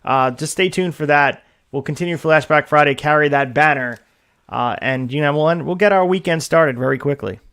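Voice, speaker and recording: A man hosting a casual wrestling podcast, energetic as he hypes and plugs upcoming shows. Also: a little high, fairly quick. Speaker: podcast host.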